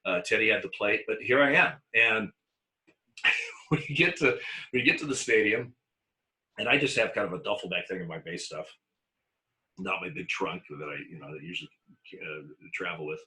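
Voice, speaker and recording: A man, a former umpire, telling lively anecdotes in an interview, with frequent restarts and acted-out quotes. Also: deep voice, moderate pace, long pauses, low-quality recording. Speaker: retired baseball umpire guest. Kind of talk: storytelling in a conversational interview.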